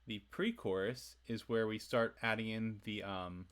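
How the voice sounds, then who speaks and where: A guitarist with a lowish, clean-toned voice teaches a song on a casual livestream, speaking a little slowly. He's relaxed and chatty, answering viewers in chat and laughing often between explanations, while an acoustic guitar plays faintly behind him.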